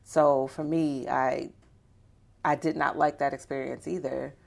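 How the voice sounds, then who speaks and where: A woman recounts her own experiences in an interview, candid and conversational, with frequent fillers. Her voice sits very low and carries a gravelly fry. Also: little pitch movement, a little slow, a little mellow. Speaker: doula and interview guest. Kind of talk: personal storytelling in an interview.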